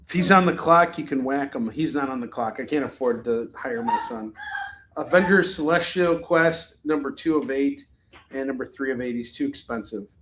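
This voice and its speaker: A man's voice: mid-range voice, moderate pace, echoey room, noisy background. A man hosting a live comic book sales stream, chatting casually in a rambling, jokey way.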